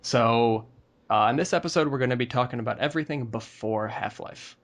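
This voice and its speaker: Gravelly-voiced man hosting a podcast. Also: medium pitch, brisk, very noisy. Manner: easygoing, hesitant with many "uh" fillers. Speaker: podcast host. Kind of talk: casual group chat.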